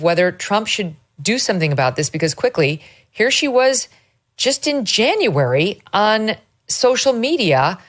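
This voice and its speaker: A woman with a somewhat low voice hosts a political talk show. She argues her points in a wry, conversational manner and lets a dry laugh slip now and then. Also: a bit bright. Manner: wry, argumentative, with light laughs. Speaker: show host.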